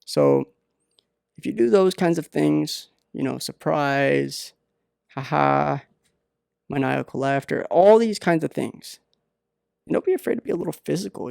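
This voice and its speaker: Gravelly man rambling deadpan advice. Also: a little high, dry recording, studio quality. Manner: rambling, halting, many fillers. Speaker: podcast host. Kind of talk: deadpan comedic advice monologue.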